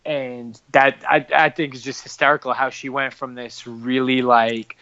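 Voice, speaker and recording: A man chatting casually on a podcast, halting and repeating his words as he talks. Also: medium pitch, fairly even intonation, a bit bright, smooth, highs cut off.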